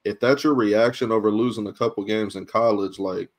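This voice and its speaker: Casting: low-voiced male panelist, blunt and dismissive, casual profanity. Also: fairly even intonation, a little fast. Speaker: podcast panelist. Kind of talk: casual sports chat.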